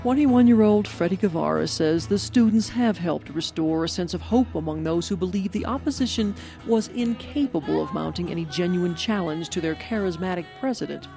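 A woman correspondent reading a scripted radio news report in a measured, even delivery. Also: lowish voice, creaky, soft background music.

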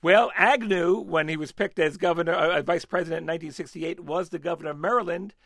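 Radio politics guy, kinda gravelly, lots of uh and restarts, dry studio sound. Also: fairly high pitch, fast talker, fairly bright tone, no room sound. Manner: hesitant, many fillers and restarts. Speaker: political analyst. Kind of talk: radio talk segment.

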